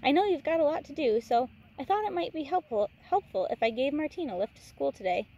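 A smooth-talking male game warden from a storybook, full of insincere breezy patter that hardens into quiet threats, voiced by a woman reading aloud. The voice stays mellow and sits a little high. It barely shifts from the reader's own voice. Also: lively intonation, fast, low-quality recording. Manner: breezy, overfamiliar, turning menacing.

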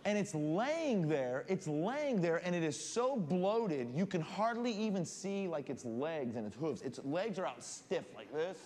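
A guest preacher telling a comic story in his sermon, animated and building suspense. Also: on the high side, unhurried, hardly any pauses. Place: church sanctuary. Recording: long church reverb, faint room noise.

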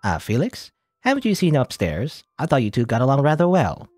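A man's voice: medium pitch, huge pitch swings, a little fast, darkish tone, slightly rough, dry recording, faint music behind, pitched above the performer's own voice. A man voicing a chatty, nasal, nerdy male doctor in a game, talking politely and at length. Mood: friendly. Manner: talkative, polite, rambling.

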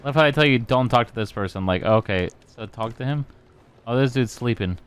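A man's voice: mid-range voice, fairly quick, clean tone. A young man giving casual, joking and profane commentary while playing a video game, sometimes reading its dialogue aloud.

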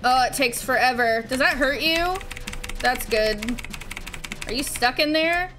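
High-voiced woman chatting slowly while gaming. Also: over music. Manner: chatty, talks back to game characters, laughs easily. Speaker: streamer. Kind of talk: casual live gameplay commentary.

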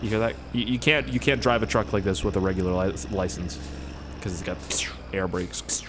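A man's voice: fairly low pitch, flat delivery, fairly quick. A man giving casual, profane and rambling commentary while playing a driving game. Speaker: gaming YouTuber. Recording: loud game engine noise behind. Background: vehicle engine sounds from the game.

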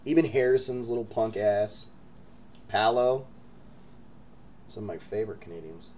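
A man's voice: fairly low pitch, normal speed, pauses often, a little mellow. A man hosting a live card-break stream from his break room, hyping the pulls and bantering with viewers. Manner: hyped, joking banter with viewers.

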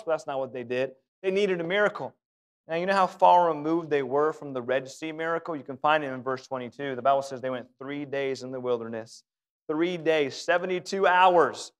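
Emphatic preacher, somewhat high voice. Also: male voice, moderate pace, clean tone. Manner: emphatic preaching with repeated phrases. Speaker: pastor. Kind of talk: sermon. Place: church.

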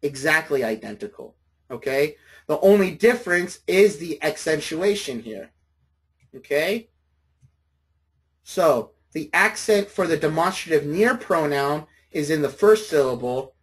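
Guy teaching a college class, kinda husky voice, keeps asking okay?. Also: a little high, animated, unhurried. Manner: patient, friendly, checks in with "okay?". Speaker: Bible college lecturer. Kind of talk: classroom lecture.

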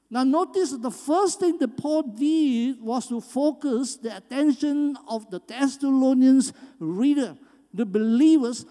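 Man, pastor, emphatic sermon, warm dark tone, long church reverb. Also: very high voice, unhurried. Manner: earnest, emphatic preaching with rising stresses. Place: church sanctuary.

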